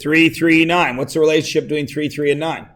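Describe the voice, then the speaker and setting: A man teaching a classroom math lesson, quizzing students with quick questions and joking asides. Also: fairly high pitch, flat delivery, a bit bright.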